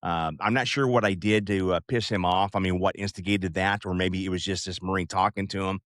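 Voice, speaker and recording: Deep-voiced man telling an old story. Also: fairly even intonation, fairly quick, a bit bright, no echo, clean studio sound. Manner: rambling, many fillers and asides. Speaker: podcast host. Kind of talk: casual storytelling.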